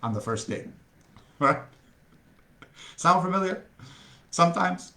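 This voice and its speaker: A man reads a storybook aloud slowly, his bright voice rising and falling in lively swings. He stops now and then for chatty asides to his listeners. The room around him is echoey. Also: high-pitched. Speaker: storybook reader.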